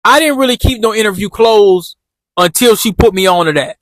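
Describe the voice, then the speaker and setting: High-voiced man chatting casually in slang. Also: expressive, a little fast, fairly bright tone, no room sound. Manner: loose, repetitive street slang, addresses viewers as y'all. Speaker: vlogger giving job-interview tips. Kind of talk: casual talk while driving. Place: car.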